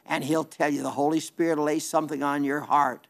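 A man's voice: a little high, flat delivery, brisk, vocal fry. A man preaching on television in a folksy, earnest, plainspoken way, reading viewer letters and asking for support.

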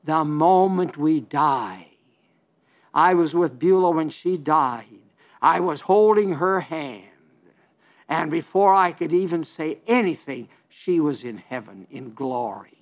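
A man's voice: on the high side, animated, slow pace. An older man preaching an earnest radio sermon, retelling stories with frequent restarts and repetitions.

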